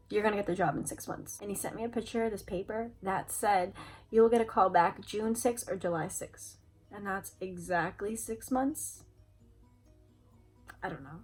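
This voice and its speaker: A woman's voice: mid-range voice, creaky, breathy edge, rough recording. A young adult woman chatting to camera, telling a personal story in a casual way, full of "like" fillers and replayed conversations. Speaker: vlogger.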